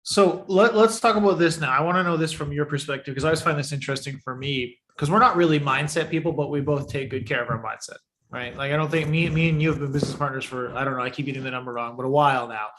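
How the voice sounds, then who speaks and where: A man's voice: mid-range voice, steady tone, very fast, fairly bright tone. Earnest man addressing his audience. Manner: earnest, talks straight to the audience. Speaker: podcast co-host, agency owner. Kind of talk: casual livestream chat.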